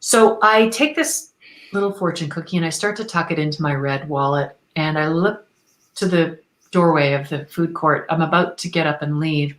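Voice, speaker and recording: A woman from Canada tells a personal story as an interview guest, enthusiastic and expressive. Her voice sits on the lower side, and the room around her is echoey. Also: moderate pace.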